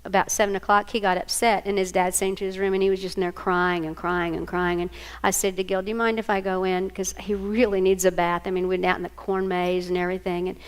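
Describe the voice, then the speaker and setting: Speaking quickly in a medium-pitched, clean voice, an older woman with a Southern American accent tells family stories during a workshop talk. She's animated and acts out each character's voice.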